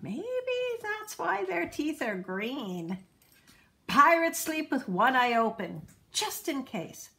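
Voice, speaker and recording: A woman storyteller reading a children's storybook aloud in an unhurried, expressive way. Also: sits high, creaky.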